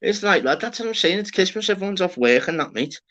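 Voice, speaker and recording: A young man with a Liverpool accent, hosting a casual livestream with loud, swearing banter. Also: sits high, lively intonation, fast, highs cut off. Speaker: livestream host.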